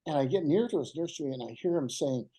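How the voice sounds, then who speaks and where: An older man, a guest writer, telling heartfelt stories in an animated, emotional way and slowing down for emphasis. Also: a little high, breathy edge, poor audio. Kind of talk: heartfelt storytelling.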